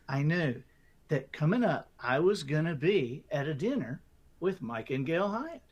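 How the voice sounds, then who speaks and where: A middle-aged man telling a story as a guest author, lively and acting out his own inner voices. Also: on the high side, breathy edge. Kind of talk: animated storytelling.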